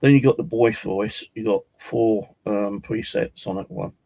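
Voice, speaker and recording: A man casually demonstrating ghost apps, rambling and hesitant with many pauses. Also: fairly low pitch, steady tone, creaky, dark tone, rough recording. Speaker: paranormal vlogger.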